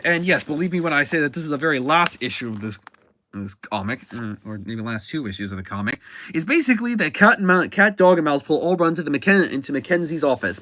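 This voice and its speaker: A man talks through a comic in a loose, rambling way, stopping to correct and restart his sentences. His voice sits a little higher than most men's. The sound is dry and close. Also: fairly bright tone, no echo. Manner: rambling, self-correcting, chatty. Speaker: comic book reviewer. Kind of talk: casual comic recap.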